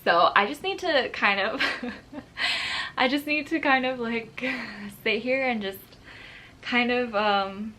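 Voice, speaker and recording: A young woman with a slightly high voice talks slowly and unhurriedly to her viewers, nervous and excitable as she chats. She addresses them in a casual home vlog. A faint hiss sits beneath her voice. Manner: excitable and nervous, gasping and laughing often. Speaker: plant vlogger.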